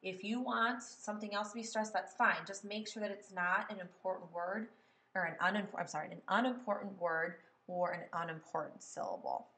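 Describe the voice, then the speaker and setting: A woman's voice: mid-range voice, fairly bright tone, a little hiss or hum. Female music teacher, patient explainer, middle register, recorded in a roomy space. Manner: patient, explains slowly, repeats words aloud to test stress. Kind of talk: step-by-step classroom tutorial. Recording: echoey room.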